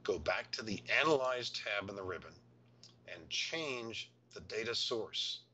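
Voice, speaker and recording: A man's voice: fairly low pitch, expressive, measured pace, bright, forceful tone. A man teaching a screen-recorded spreadsheet tutorial, explaining step by step in a patient, thinking-aloud way. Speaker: software instructor.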